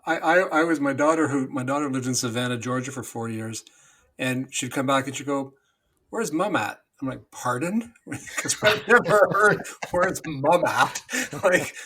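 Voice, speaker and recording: A man's voice: mid-range voice, moderate pace, sharp tone, a little hiss or hum. A middle-aged man co-hosting a podcast, rambling in a casual chat and laughing often. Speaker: podcast co-host.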